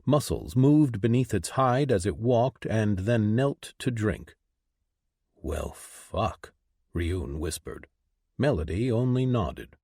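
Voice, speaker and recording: A man narrating a fantasy audiobook in an expressive reading style. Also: medium pitch, a little slow, few pauses, no echo, studio quality.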